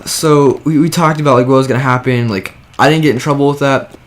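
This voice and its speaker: A man's voice: mid-range voice, quick pace. A young man telling a story in a casual, rambling way, filling it with "like" and "whatever.". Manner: rambling, drops "like" and "whatever" everywhere. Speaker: vlogger. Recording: steady background noise.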